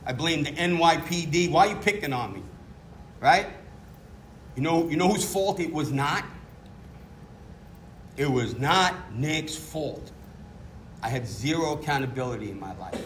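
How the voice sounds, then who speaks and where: A man's voice: on the high side, brisk, slight background noise. A middle-aged man giving candid, self-mocking recovery testimony as a meeting speaker. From New York. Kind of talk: personal testimony talk.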